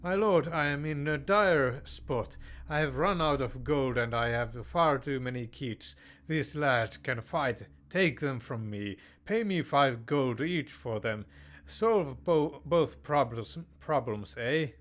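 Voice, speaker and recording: A man's voice: medium pitch, slow pace, fairly bright tone. A man reading the lines of a poor village idiot father who pleads with his king in a text game. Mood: pleading.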